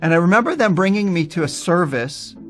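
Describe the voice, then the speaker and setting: A man from the United States telling his personal testimony in an earnest, animated way. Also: high-pitched, brisk, soft background music. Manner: earnest, animated, acts out quoted voices. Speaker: speaker giving a personal testimony.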